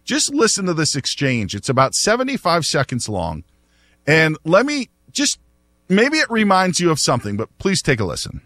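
A man hosting a sports talk show, telling a story in an animated, laughing way. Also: a little high, normal speed, no room sound. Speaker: radio talk show host.

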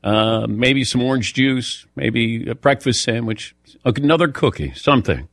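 A man's voice: medium pitch, animated, measured pace, fairly bright tone, no echo. A man hosting a sports radio show, telling a self-mocking story in casual chat while a little lightheaded.

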